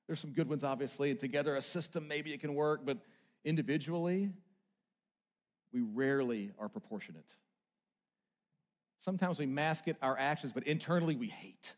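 Emphatic preacher, loud then hushed. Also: male voice, normal speed, pauses often. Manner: emphatic, swinging between loud urgent peaks and soft low asides; repetitive, building lists of short phrases. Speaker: pastor. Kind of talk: sermon.

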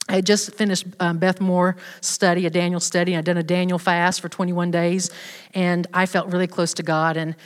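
A woman shares a personal faith story with a group in a loose, conversational way, full of fillers and restarts. Her voice sits a little low. The sound rings with long reverb from a large hall. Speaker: speaker at a church women's event. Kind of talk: personal testimony talk.

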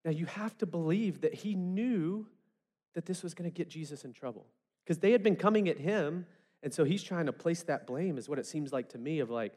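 A man's voice: on the high side, a little fast, a little mellow. A man preaching a sermon in a conversational, storytelling way, acting out the people he quotes. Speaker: pastor.

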